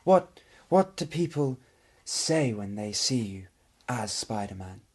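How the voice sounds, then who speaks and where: A man playing a mock-serious male TV reporter, asking deadpan questions in a comedy interview. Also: on the low side, slow, breathy edge, heavily acted.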